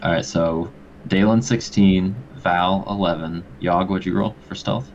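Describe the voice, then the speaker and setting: A man running a tabletop game as game master over voice chat, relaxed and hesitant with many fillers. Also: sits low, measured pace, slight background noise. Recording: dull lo-fi voice chat audio.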